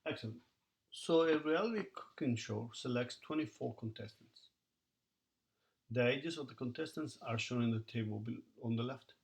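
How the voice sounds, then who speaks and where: A man explaining a math lesson in a recorded video, with a gravelly edge and a pitch in the middle range. He talks to his students as he works through each step and counts the numbers aloud. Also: moderate pace. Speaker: math teacher.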